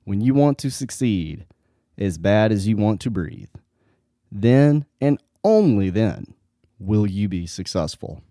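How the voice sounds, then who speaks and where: A man voicing a calm, patient old guru who speaks in measured words within a story he tells. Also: on the low side, dry recording, clean studio sound.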